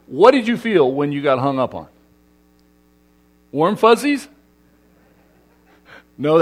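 Animated man joking with an audience. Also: a little high. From Southern California. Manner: playful, asks the audience questions and jokes with them. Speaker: speaker addressing a congregation. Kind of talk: lively talk to a live audience.

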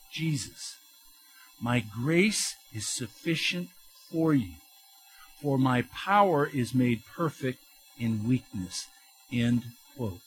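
A middle-aged man preaching a sermon, talking to the congregation in an animated, conversational way with emphatic rises and quick restarts. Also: on the high side. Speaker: pastor.

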